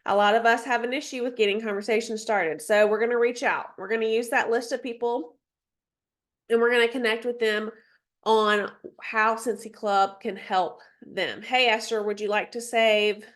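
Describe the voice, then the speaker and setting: A little high and fairly bright, her steady-toned voice moves at a moderate pace despite a stuffy nose. Mentoring a sales team by video call, she works through slides in a casual, chatty training session with frequent ums and asides.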